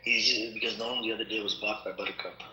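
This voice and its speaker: A man's voice: on the low side, steady tone, fast talker, sharp tone. Stammering man moderating, roomy sound. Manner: easygoing, stammers and repeats words. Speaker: moderator of an online audio room. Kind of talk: casual chat.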